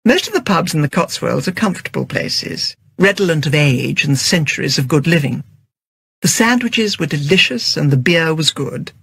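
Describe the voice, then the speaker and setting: An audiobook narrator reading a story in a steady, storytelling manner. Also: mid-range voice, moderate pace, gravelly, slightly rough, dry recording.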